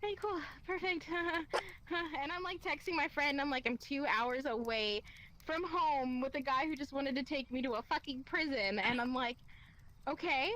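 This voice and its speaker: High-voiced young woman telling a story. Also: normal speed, slight background noise, rough recording. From Kentucky, USA. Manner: animated, acts out quoted lines, laughs often, swears. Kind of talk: casual storytelling.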